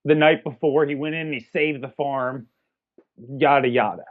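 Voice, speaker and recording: A man's voice: medium pitch, fairly even intonation, normal speed, phone-quality sound. A man co-hosting a movie review podcast, trading crude, sarcastic jokes in casual banter.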